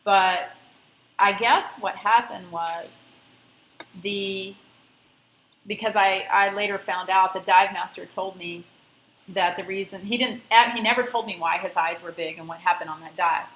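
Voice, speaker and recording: A woman's voice: medium pitch, fairly even intonation, unhurried, fairly bright tone, echoey room, a little hiss or hum, rough recording. A woman scuba instructor lecturing a class, telling a personal story in a conversational way and stressing safety. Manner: conversational, emphatic about safety.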